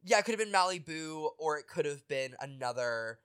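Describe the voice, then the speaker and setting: A man's voice: on the high side, animated, a little fast, fairly bright tone, clear, resonant tone. Opinionated man recapping a show. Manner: opinionated, dry quips. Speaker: podcast co-host. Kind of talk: casual chat, reality TV recap.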